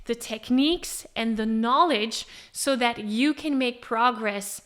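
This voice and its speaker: A woman vocal coach giving a podcast lesson to singers, lively and acting out a singer's thoughts aloud. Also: a little high, slow pace. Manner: animated, acts out a singer thinking aloud. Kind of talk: podcast teaching monologue.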